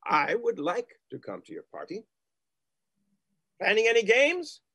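A man's voice: high voice, sing-song, measured pace, bright, forceful tone, breathy edge, dry recording, full character voice. A man playing a reformed old miser, heartfelt and wry, in an amateur online play. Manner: heartfelt, wry, self-deprecating. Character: reformed old male miser, now tender and repentant.

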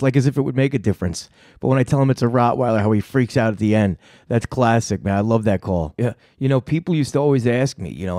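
A man's voice: mid-range voice, fast, mellow, dry recording, clean studio sound. A man with a New York accent hosting a comedy show, rambling and swearing in a laid-back way. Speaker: show host and prank caller. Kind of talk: casual podcast talk.

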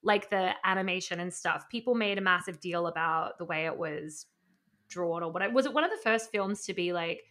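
A woman in her thirties, a podcast guest, chatting excitedly and rambling with many fillers. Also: on the low side, brisk. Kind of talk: casual podcast chat.

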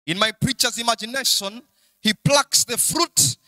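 A man's voice: very high voice, measured pace, bright, forceful tone, rough recording. A young man with a Kenyan accent preaching a sermon in a sing-song, emphatic way, repeating his key lines. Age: young adult.

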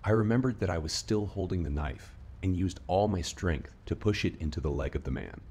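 A man reading a scripted horror story in a steady, measured narrating voice. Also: sits low, a little hiss or hum. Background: faint rain ambience.

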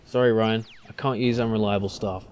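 A man's voice: fairly low pitch, steady tone, fairly quick, a little mellow, slight background noise, close to an everyday voice. A man voicing a grumpy middle-aged bar owner who talks bluntly and dismissively. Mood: gruff.

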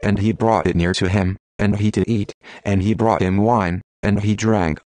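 A synthetic male text-to-speech voice reading scripture in an even, measured way. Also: fairly low pitch, no echo. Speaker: Bible reader.

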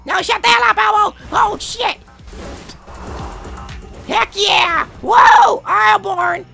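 A woman giving gameplay commentary with friends, jumpy and yelling and swearing in fright. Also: very high voice, slow pace, creaky, soft background music. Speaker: gaming video host.

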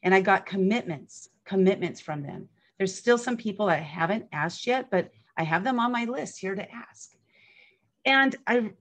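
A woman's voice: medium pitch, a bit bright. A woman in her fifties hosting an event, speaking candidly and enthusiastically in a casual motivational talk, often repeating herself. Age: 50s. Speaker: event host.

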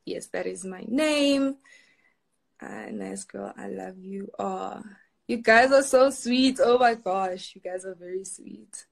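A woman's voice: medium pitch, gravelly. A young woman from Kenya chatting casually on a live stream, reading viewers' comments aloud and laughing often.

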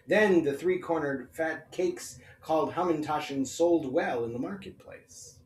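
A man reads a children's story aloud with expressive storytelling, in a somewhat high voice. He sounds set back from the mic. The room adds a clear echo. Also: a little slow, recorded from a distance, a little hiss or hum. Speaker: rabbi.

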